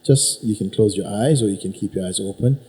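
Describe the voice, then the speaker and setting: A man teaching at a spiritual gathering, unhurried and emphatic, probing his listener with repeated questions. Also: lowish voice, warm tone, rough recording. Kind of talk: satsang teaching talk. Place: teaching hall with an audience.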